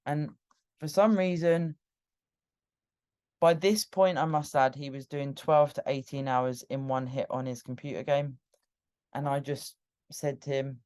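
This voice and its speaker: Candid British woman with a mellow voice. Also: sits low, normal speed, clean tone. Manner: candid and emotional, with frequent restarts. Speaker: podcast host. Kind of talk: personal storytelling monologue.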